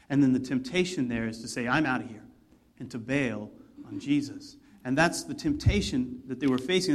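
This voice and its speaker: Storytelling male preacher, slightly high voice. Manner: conversational storytelling with asides. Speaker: pastor. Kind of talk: sermon.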